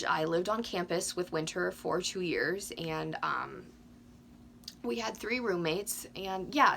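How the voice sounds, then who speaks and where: A woman in her twenties chatting casually to camera with lots of ums, a little hoarse from losing her voice. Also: lowish voice, moderate pace, sharp tone, a little hiss or hum. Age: 20s. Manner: chatty, frequent ums, candid. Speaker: doll collecting YouTuber.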